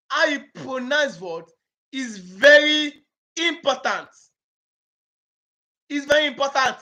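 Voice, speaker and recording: A man's voice: extremely high pitch, pushed and bright, highs cut off. A man with a Nigerian accent, an exam-prep tutor teaching a lesson. He repeats key phrases and throws questions back at the listeners to check they follow. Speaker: IELTS speaking tutor. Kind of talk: classroom lesson with call-and-response.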